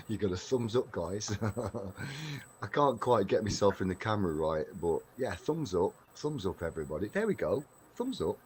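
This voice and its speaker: A man's voice: fairly low pitch, animated, unhurried, long pauses, slight background noise. An English man from Derbyshire hosting a casual live stream chat, chatty and laughing often, with plenty of fillers. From Derbyshire, England.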